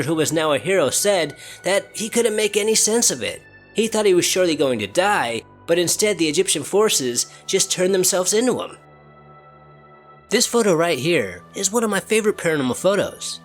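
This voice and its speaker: A man hosting and narrating paranormal stories in a scripted, emphatic storytelling way. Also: high voice. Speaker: channel host and narrator. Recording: faint background music.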